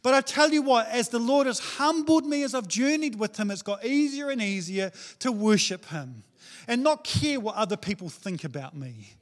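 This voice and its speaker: A man's voice: very high voice, animated, normal speed. A man with a New Zealand accent preaching a sermon as a pastor, casual and joking in his delivery.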